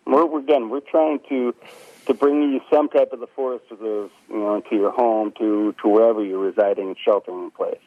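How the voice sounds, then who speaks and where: A man's voice: lowish voice, fairly even intonation, brisk, no echo, phone-quality sound. A man from a forest preserve district guesting on a radio show, friendly and a little hesitant. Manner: friendly, hesitant, repeats words. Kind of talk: radio interview.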